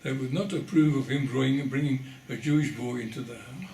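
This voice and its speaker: An older man from the Netherlands giving an oral history testimony, telling his story in a measured way and pausing for weight. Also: mid-range voice, darkish tone, echoey room, a little hiss or hum. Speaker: interviewee.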